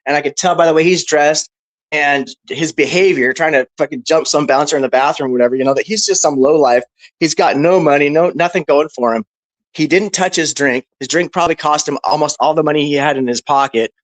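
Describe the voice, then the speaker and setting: A man on a discussion panel telling a story casually, animated and profane, with lots of "bro" and "right". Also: fairly high pitch, brisk, no echo, poor audio.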